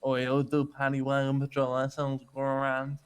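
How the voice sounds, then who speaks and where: A man's voice: medium pitch, completely flat delivery, moderate pace, clean tone. A man doing a put-on Irish accent while roleplaying in character, stammering and earnest, often ending lines with tag questions. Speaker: roleplay player.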